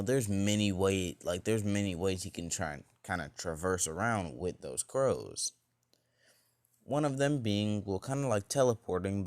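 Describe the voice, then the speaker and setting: A man's voice: deep voice, darkish tone, no room sound, clean studio sound. A man casually telling a fan-fiction story, rambling and full of fillers. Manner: rambling, full of "like" and "you know".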